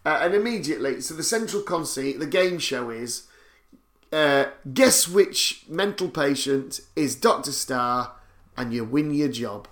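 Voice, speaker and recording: A man retells a film plot in casual podcast chat. He has a slightly higher voice, and his tone is wry and mocking, with a dry joke or an offhand swear now and then. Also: animated, a little slow, a bit bright. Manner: wry, joking, swears for comic effect. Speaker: podcast co-host.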